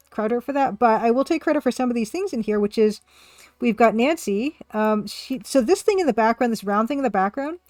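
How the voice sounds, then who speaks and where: A woman's voice: a little high, no room sound, studio quality. A woman from Canada, a game artist and developer, chatting casually on a live stream and answering viewers in a chatty, self-deprecating way.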